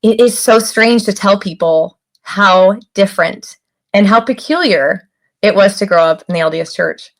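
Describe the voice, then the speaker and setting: A woman's voice: medium pitch, normal speed. A woman guest on a podcast, an author, telling her story candidly and acting out quoted voices. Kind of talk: casual interview chat.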